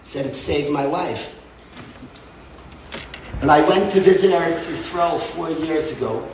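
A middle-aged man heading a yeshiva gives an impassioned speech to a crowd, swinging from loud outbursts to hushed words. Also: on the high side, unhurried, far from the mic, noisy background. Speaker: yeshiva head. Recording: echoey hall, mic from afar.

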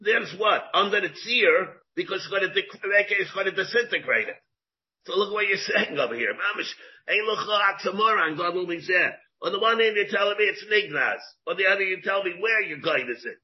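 A man's voice: high voice, lively intonation, a little fast, slight background noise. A man, a rabbi giving a Talmud class, who asks rhetorical questions, repeats his phrases and mixes in Hebrew terms, on a dull lo-fi recording.

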